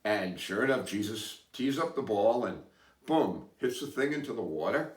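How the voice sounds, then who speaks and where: Man, podcast host, low voice, rambling, hesitant asides, echoey room, a bit off-mic. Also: lively intonation, moderate pace, far from the mic. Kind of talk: casual storytelling chat. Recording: roomy, away from mic.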